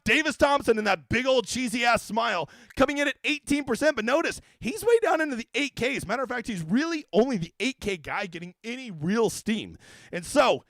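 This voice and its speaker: Loud-mouthed guy ranting about golf picks on a stream, quick and all over the place in pitch, swears a lot. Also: no echo. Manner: brash, profane, joking rants. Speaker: fantasy sports golf analyst. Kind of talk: casual livestream commentary.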